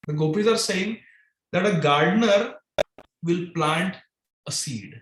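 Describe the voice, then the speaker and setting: Animated male devotional lecturer, echoey room. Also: high voice, a little slow, a little hiss or hum. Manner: animated, dramatic, voices the gopis' sarcastic questions. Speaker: speaker giving a scripture class. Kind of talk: devotional lecture with chanted Sanskrit verses.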